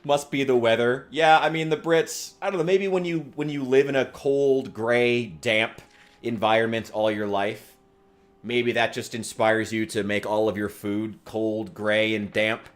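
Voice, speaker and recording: A man's voice: mid-range voice, fairly even intonation, unhurried. A man from the United States chatting casually while streaming a game, rambling and swearing with a wry edge. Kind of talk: casual gaming stream chat.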